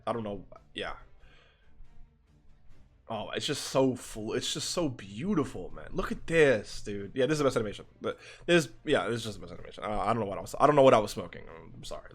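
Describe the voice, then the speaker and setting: Gushing over game animations, this young YouTuber keeps restarting his sentences and addresses the viewer as dude and bro. He speaks in a mid-range voice.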